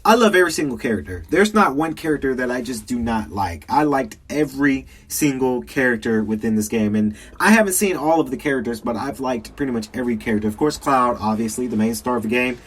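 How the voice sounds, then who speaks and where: A man's voice: medium pitch, animated, quick pace, few pauses, husky. A young man from South Georgia with a Southern accent, hosting a casual podcast, rambling and chatty with many fillers and frequent laughs. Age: young adult. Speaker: podcast host. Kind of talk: casual solo game review talk. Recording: faint music behind.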